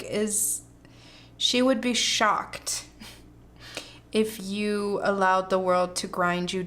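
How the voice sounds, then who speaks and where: A woman's voice: mid-range voice, a bit bright. A woman doing a pick-a-card tarot reading, gushing and hyping the viewer up with slangy, effusive talk and frequent laughs. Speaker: tarot reader.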